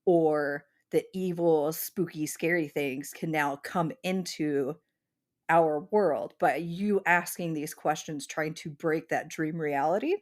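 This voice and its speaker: A woman's voice: low-pitched, fairly even intonation, takes it slowly, a little mellow. A woman co-hosting a podcast, telling a long story in casual chat with lots of "like" fillers. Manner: rambling storyteller, many "like" fillers. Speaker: podcast co-host.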